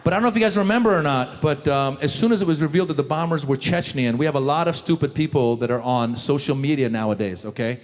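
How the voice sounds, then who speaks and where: A man performing a stand-up comedy routine in a punchy, animated way, in a live show. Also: fairly high pitch, fast talker, hardly any pauses. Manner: punchy, animated, acts out characters in funny voices. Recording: live show in a large hall with audience.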